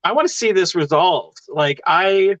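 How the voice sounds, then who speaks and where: A man's voice: high-pitched, lively intonation, a little slow, fairly bright tone, dry recording. A man hosting a casual chat show on a video call, laid-back and swearing casually. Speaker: host. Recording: dull lo-fi audio.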